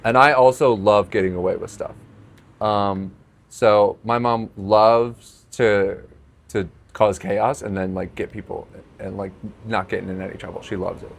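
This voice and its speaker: A man's voice: lowish voice, a little slow, vocal fry. A young man hosting a podcast, casually telling family stories and laughing often. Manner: storytelling, laughs often, animated when acting out scenes. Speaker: podcast host. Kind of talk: casual chat.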